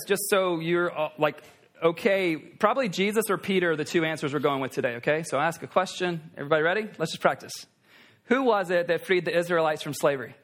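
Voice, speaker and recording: Pastor, male, high voice, chatty animated sermon with crowd asides. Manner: conversational, animated, talks to the congregation with asides.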